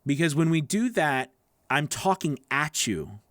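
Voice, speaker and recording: A voice acting coach talks straight to his students, his slightly nasal, gravelly voice rising and falling a lot as he rambles and restarts. He keeps checking in with them as he goes. The sound is close and dry, with no room in it. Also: fairly high pitch, very animated, a little slow, dry recording. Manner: loose, rambling, with restarts and checks like "okay? right?". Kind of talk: casual teaching to camera.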